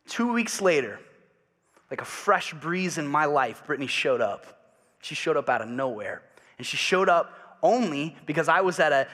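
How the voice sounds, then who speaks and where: High, bright-voiced preaching man in a hall. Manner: swings from loud preaching to quiet confiding asides; leads congregation in call and response. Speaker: pastor. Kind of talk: sermon. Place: church sanctuary.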